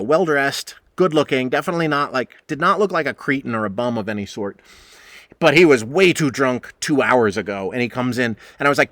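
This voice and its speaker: Middle-aged New man, casual storyteller, bright forceful voice, very dry close sound. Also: mid-range voice, dry recording. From New England, United States. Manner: animated, profane, acts out quoted voices. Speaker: podcast host telling a story.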